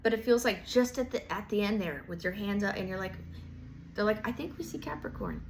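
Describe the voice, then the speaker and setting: A woman's voice: mid-range voice, fairly quick, a little hiss or hum. A woman giving a casual tarot reading, rambling and full of filler words, with the odd swear. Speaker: tarot reader.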